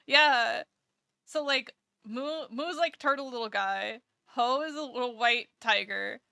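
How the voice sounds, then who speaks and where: Sleepy, bright-voiced woman streamer. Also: fairly high pitch, measured pace, vocal fry, clean tone, dry recording, clean studio sound. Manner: sleepy, rambling, talks to chat. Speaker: VTuber streamer. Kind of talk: casual live-stream chat.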